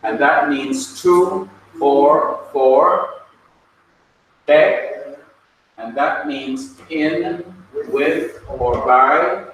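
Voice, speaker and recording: This Hebrew teacher has a medium pitch and a somewhat bright sound, and he speaks very slowly. He guides his class by calling students by name and patiently repeating pronunciation drills, heard from a distance in an echoey room with faint noise.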